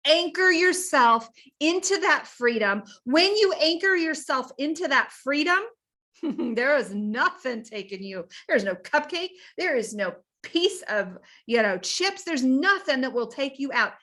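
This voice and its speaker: Bright, high-voiced woman coach. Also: a little slow, hardly any pauses. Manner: energetic, folksy storytelling. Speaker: health coach. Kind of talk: motivational talk.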